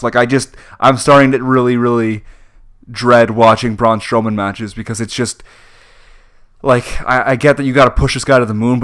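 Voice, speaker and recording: On a wrestling podcast, this young co-host chats casually while ranting about what frustrates him, filling his speech with "like" and "um." His voice is mid-range and slightly bright.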